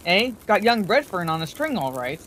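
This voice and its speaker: A woman voicing a rambling, blustering older man with a hoarse, wheezy voice, in a bedtime story reading. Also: lowish voice, very animated, moderate pace, fairly bright tone, a little hiss or hum.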